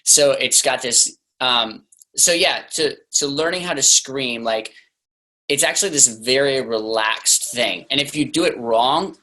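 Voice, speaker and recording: A man's voice: medium pitch, unhurried, bright, forceful tone, rough recording. A young man talking casually as an interview guest, loose and chatty with lots of "like" fillers.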